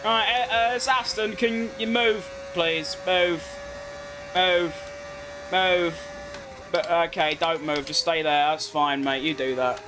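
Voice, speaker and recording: High-voiced British man streaming a game. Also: measured pace, noisy background. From Britain. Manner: chatty, self-mocking, slangy, talks to himself while playing. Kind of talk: casual gameplay commentary.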